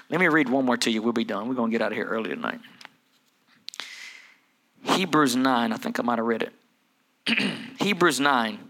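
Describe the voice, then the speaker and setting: A man with a medium-pitched voice preaches a sermon as a pastor. He tells stories and acts out the voices of family members, shifting between quiet asides and loud, building passages.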